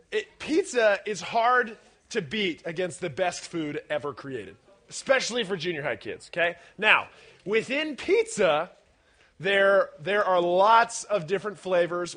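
A man as youth pastor, giving a playful, animated youth-group sermon, quizzing the kids and shouting at the big points. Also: high-pitched. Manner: animated, playful, shouting at peaks, audience questions.

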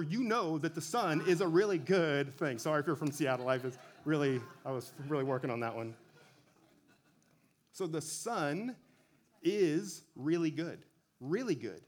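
Man preaching a casual, joking sermon. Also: a little high. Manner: conversational, self-correcting, joking asides.

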